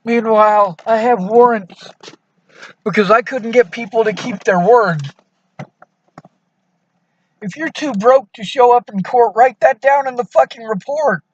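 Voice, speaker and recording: A man's voice: extremely high pitch, measured pace, long pauses, slight background noise. A man on a phone call, distressed and pleading, bitter and near tears.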